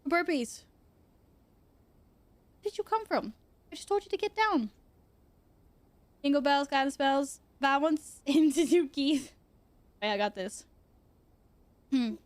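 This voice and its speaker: A woman's voice: sits high, expressive, takes it slowly, long pauses, dry recording. A young woman streaming from her computer at home, chatting casually, swearing freely and cooing at her cats. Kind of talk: casual chat.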